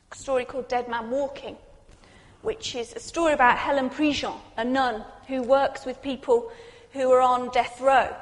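A woman preaching a sermon, building to intense peaks and sinking to quiet, reflective passages. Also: sits high. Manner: dramatic, rising to intense peaks then dropping quiet. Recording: long reverb in a large hall.

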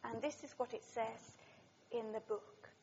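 High-voiced woman preaching in a hall. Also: fairly even intonation, measured pace. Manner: dramatic storytelling, swinging from loud to hushed. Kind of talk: sermon with story reading. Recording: dull sound in a reverberant hall.

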